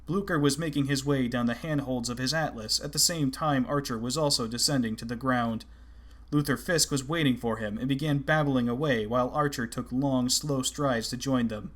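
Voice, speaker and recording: A man narrates an audiobook in a steady, measured reading. His voice sits in a middle pitch.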